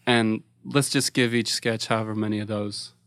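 A man's voice: on the low side, fairly even intonation, normal speed, fairly bright tone, clear, resonant tone, dry recording, clean studio sound. A man appearing as a podcast guest, playful and upbeat in a casual discussion.

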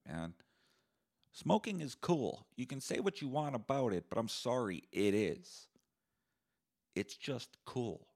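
Ranting lively-voiced young man from Canada. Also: mid-range voice, slow. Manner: sarcastic, profane, animated ranting. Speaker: podcast host. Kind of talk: solo comedic rant.

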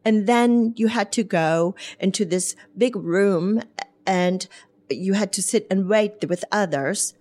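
Interview guest: woman, an animated storyteller who acts out voices and laughs a lot. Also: mid-range voice, slow. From Germany. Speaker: guest, hairdresser. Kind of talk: storytelling in a talk show interview.

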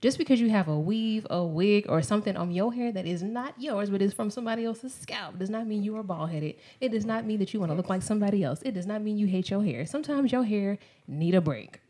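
A woman's voice: medium pitch, fast talker, few pauses, warm tone. A young woman guest on a podcast, speaking emphatically and upbeat about her business. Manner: upbeat, emphatic self-promotion. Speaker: guest, music and hair brand owner. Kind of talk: casual interview chat.

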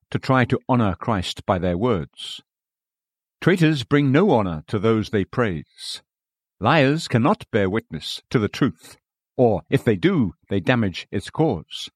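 A man's voice: mid-range voice, very animated, measured pace, breathy edge, dry recording, clean studio sound. A man reading a sermon aloud in an earnest, exhorting manner.

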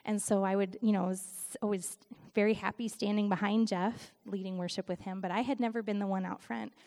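Animated woman preaching with vocal fry. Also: medium pitch, a little fast. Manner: animated storytelling, laughs often. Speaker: Christian speaker and worship leader. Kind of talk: conversational sermon.

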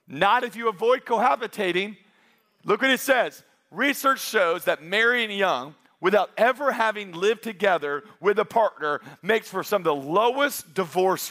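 A male pastor in his thirties preaching a sermon to a large church, telling stories in an emphatic, conversational way. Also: high voice. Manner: animated storytelling, emphatic and conversational.

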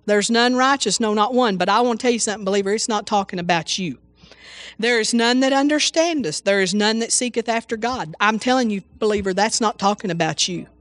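A woman's voice: medium pitch, fairly quick, no room sound. A woman preaching an informal sermon, exclaiming hallelujah often and restarting her sentences.

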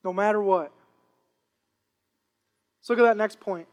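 A man's voice: high voice, a little slow. A man preaching a sermon with impassioned, repetitive phrasing. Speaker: pastor.

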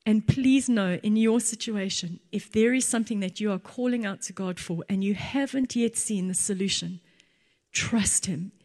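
A woman, giving an earnest church testimony as a mother, slow and emphatic. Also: medium pitch, mellow. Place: church hall. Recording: long hall reverb.

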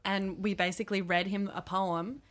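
A woman's voice: mid-range voice, level tone, moderate pace. A woman guest chatting casually and enthusiastically about making a children's podcast. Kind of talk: casual interview chat.

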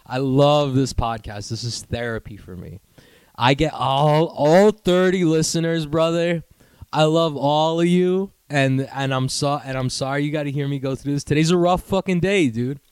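A young man hosting a casual solo podcast, telling stories with high-pitched impressions and sudden squeaky outbursts. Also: normal speed, darkish tone, clear, resonant tone, dry recording. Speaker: podcast host.

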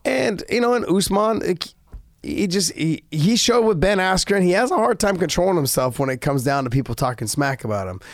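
Male co-host, slightly high pitch, eager casual delivery, dry mic. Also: lively intonation, fairly quick, no echo. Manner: eager, stumbling restarts, casual swearing. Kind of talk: casual podcast chat.

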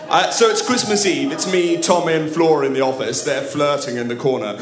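A man telling a comic story at a live show, theatrical and wry, turning to the audience for asides. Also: fairly high pitch. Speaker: comedian storyteller. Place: live comedy venue. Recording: echoey room at a live show.

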